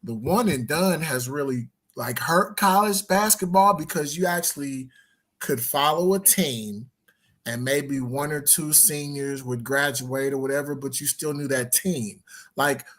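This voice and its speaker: A middle-aged man co-hosting a casual sports chat on a video call, emphatic and animated. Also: on the high side, unhurried. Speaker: co-host.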